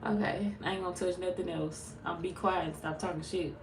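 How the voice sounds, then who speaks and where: A woman's voice: fairly low pitch, fairly even intonation, fairly quick, creaky, background noise. A woman reading tarot in a casual, blunt, chatty way, swearing freely. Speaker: tarot reader. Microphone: phone.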